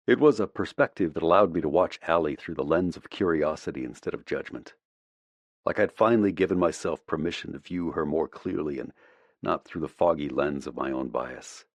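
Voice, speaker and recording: A man narrating a first-person audiobook in a measured, reflective way, close to the mic. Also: sits low, no echo.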